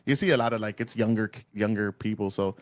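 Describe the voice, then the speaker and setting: A man from Texas hosting a casual podcast chat over a video call, laid-back and profane, telling stories with lively put-on voices. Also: on the low side, quick pace, no room sound. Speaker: podcast host.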